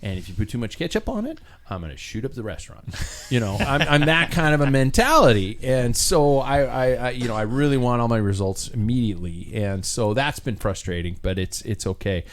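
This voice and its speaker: A man's voice: medium pitch, lively intonation, fairly quick, hardly any pauses. A man hosting a casual cycling chat, telling a rambling story with many restarts and fillers. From United States.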